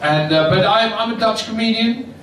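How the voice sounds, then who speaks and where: A man's voice: high voice, normal speed, fairly bright tone, slight background noise. An older man performing a stand-up set in an underground comedy club, poking fun at himself and chuckling at his own lines. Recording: echoey club mic, heard from far. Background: audience laughter.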